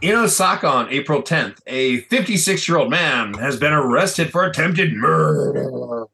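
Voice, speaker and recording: A man with a gravelly mid-range voice co-hosts a casual news podcast at a measured pace. He reads stories aloud, swears often in between, and is animated, cutting in apologetically.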